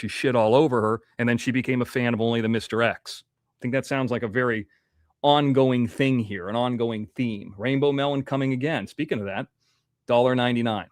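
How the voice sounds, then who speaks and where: A man's voice: mid-range voice, no echo, clean studio sound. Rambling man hosting a livestream. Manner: rambling, reads out viewer donations. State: toothache. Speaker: livestream host. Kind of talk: casual livestream chat.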